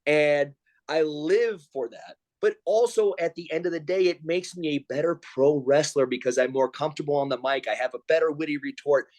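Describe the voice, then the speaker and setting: This pro wrestler and comedian in his forties speaks at a moderate pace with a voice on the high side. Appearing as a video call guest, he tells animated stories and performs other people's lines loudly.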